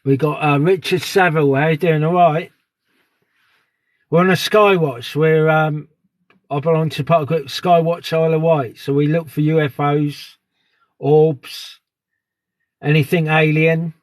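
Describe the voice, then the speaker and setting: A man's voice: a little high, steady tone, unhurried, pauses often, dry recording. A man live streaming outdoors at dusk on a phone, chatting casually and greeting viewers by name. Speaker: live streamer on a sky watch.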